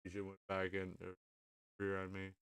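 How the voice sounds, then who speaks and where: A tired, sleepy podcast host with a low, slightly bright, smooth voice speaks in a monotone at normal speed. Hosting a casual late-night chat, he rambles, swears and stammers through apologies. The recording has no room sound.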